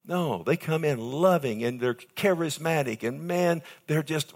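A man preaching a sermon as pastor, with emphatic delivery that swings from hushed to loud and keeps asking the audience questions. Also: on the high side, expressive, measured pace, hardly any pauses.

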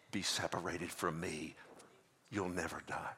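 A male pastor preaching a sermon, swinging between loud emphatic bursts and quiet asides, drawing answers from the congregation. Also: low-pitched, normal speed, husky. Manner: preaching with rising emphatic bursts and call-and-response.

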